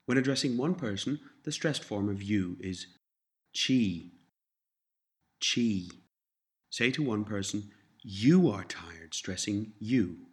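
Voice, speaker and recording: A man narrating a scripted language course, giving slow, measured prompts and repeating each phrase twice. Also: lowish voice.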